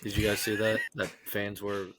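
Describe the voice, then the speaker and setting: A man's voice: lowish voice, completely flat delivery, normal speed, fairly bright tone. A man hosting a casual podcast chat, running the rundown and steering his co-hosts. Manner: runs the rundown, steers the others. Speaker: podcast host leading the segments.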